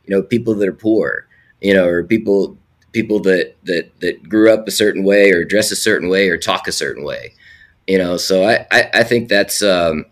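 Male film producer with a low voice, fighting a cold, halting casual talk. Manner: halting, many restarts and fillers. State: sick with a cold. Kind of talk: casual conversation.

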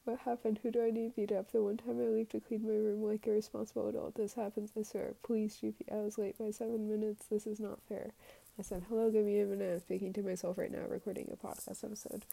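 Woman podcaster, warm low-key tone, candid and sweary, confessional diary monologue. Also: level tone, fast talker, creaky, low-quality recording. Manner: candid and profane, reading out her text messages. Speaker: podcaster recording a personal diary episode.

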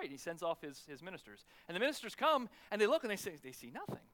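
Animated high-voiced male preacher. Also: fast talker. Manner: conversational, many restarts, repeated "right?"; lively, laughs with the congregation. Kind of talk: sermon.

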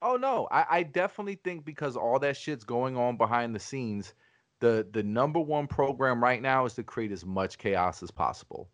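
A man of middle pitch making his case on a casual podcast, forceful and argumentative, with lots of restarts and swearing. His voice sounds close and dry, with almost no room around it. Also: expressive, normal speed, no room sound. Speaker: podcast host.

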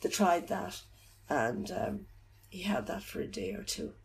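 A middle-aged woman telling of her loss in an interview. She talks haltingly and softly, often searching for words. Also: fairly low pitch, big pitch swings, vocal fry, slight background noise. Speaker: bereaved mother telling her story. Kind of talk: personal account in an interview.

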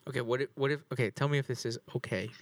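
A man's voice: medium pitch, steady tone, racing, no echo. A man in a casual podcast chat, eager and hesitant, full of fillers.

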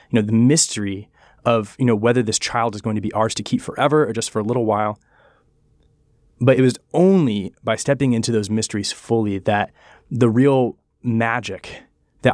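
A man, a pastor and podcast guest, telling a personal story in an earnest, reflective way and slowing down on key words. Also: fairly low pitch, no echo, studio quality.

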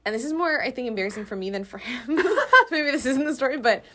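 A woman's voice: on the high side, expressive, quick pace, fairly bright tone. A young woman in her twenties telling a funny story in casual chat, bubbly and giggly with plenty of fillers. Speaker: guest.

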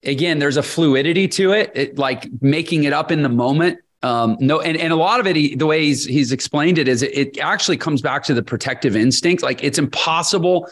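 A man co-hosting a podcast, speaking reflectively with frequent restarts in casual chat. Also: fairly high pitch. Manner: reflective, halting, many restarts. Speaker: podcast co-host.

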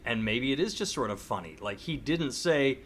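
A man's voice: mid-range voice, lively intonation, normal speed, a bit bright, a little hiss or hum. A man hosting a casual podcast chat, talking animatedly and acting out outraged voices. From United States. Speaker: podcast host.

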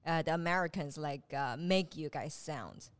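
A woman co-hosting a casual podcast chat, teasing and playful, who asks her questions in a halting way. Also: sits low, smooth.

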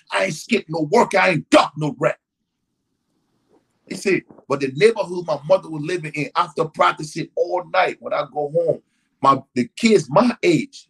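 A man's voice: on the high side, slightly rough, low-quality recording. A man telling a long story in casual conversation, acting out the people in it and often asking "you know what I mean". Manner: animated, acts out quotes, frequent "you know what I mean". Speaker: guest.

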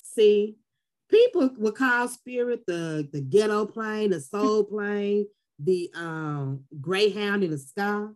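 A woman's voice: medium pitch, takes it slowly. A woman in her forties from the Texas Gulf Coast. She talks casually as a podcast guest and tells her stories with lots of life. She often jumps into the voices of the people she quotes. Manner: animated storyteller who acts out quotes.

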